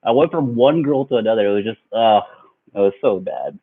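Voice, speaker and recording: A man's voice: fairly low pitch, lively intonation, fairly quick. Rambling young man telling a story. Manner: rambling, laughing storyteller with many fillers. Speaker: vlogger. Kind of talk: storytime vlog. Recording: tinny phone-like sound.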